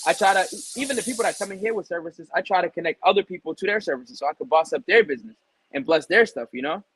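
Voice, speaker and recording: This young adult man is a barber guest on an interview show, telling relaxed stories full of "um"s and retold back-and-forth dialogue. His voice is a little high for a man, fast and slightly rough. The recording is dry and close, with no room echo.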